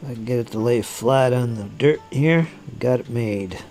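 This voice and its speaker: A hobby channel host runs a casual live stream, chatting and muttering to himself as he works on terrain and reads viewer comments aloud. His mid-range voice has a darkish tone at normal speed, with soft music in the background.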